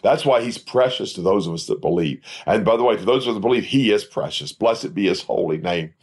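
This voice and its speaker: A man's voice: on the low side, lively intonation, brisk, a little mellow, breathy edge. A man teaching a Bible study on his podcast, preaching earnestly and quoting scripture in old-fashioned wording. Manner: earnest preaching with rising emphatic peaks.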